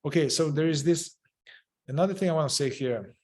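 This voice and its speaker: A man's voice: a little high, a little mellow. Man explaining a therapy method. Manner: halting, searching for words, repeats phrases. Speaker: group facilitator.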